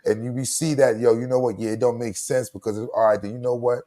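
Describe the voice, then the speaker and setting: A man's voice: mid-range voice, level tone, fast, warm tone. Laid-back man hosting a stream chat. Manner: agreeing, hyping the guest with short replies. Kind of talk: casual livestream talk.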